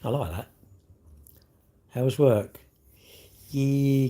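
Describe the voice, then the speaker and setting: A man's voice: mid-range voice, very slow, long pauses, dark tone. A middle-aged man hosting a casual livestream, chatting bluntly and jokingly with viewers as he reads their comments. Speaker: livestream host.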